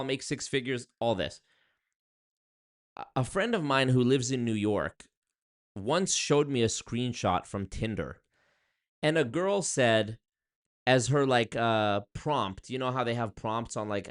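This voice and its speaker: A young man from Canada talks straight to the camera in a loose, storytelling vlog. His voice sits mid-range, and he turns sarcastic and animated, leaping up into loud disbelieving outbursts before settling back down. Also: measured pace. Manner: animated, sarcastic, jumps to high exclaims. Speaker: vlogger. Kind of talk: casual storytelling monologue.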